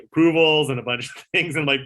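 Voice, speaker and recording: A man's voice: fairly high pitch, quick pace. A man who used to produce a talk show, telling a long backstage story in a casual, rambling way, with lots of fillers and some swearing. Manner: rambling, filler-heavy, animated retelling with swearing.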